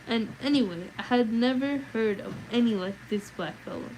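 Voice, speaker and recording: A woman's voice: on the high side, moderate pace, a little mellow, slight background noise, lightly acted, poor audio. A woman reading as a stubborn hobbit farmer. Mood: wary. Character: stubborn middle-aged male hobbit farmer.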